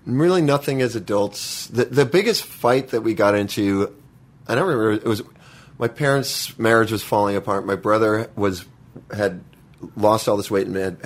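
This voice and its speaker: A guest with a lowish voice tells a childhood story in a casual chat. He halts and restarts often and swears freely.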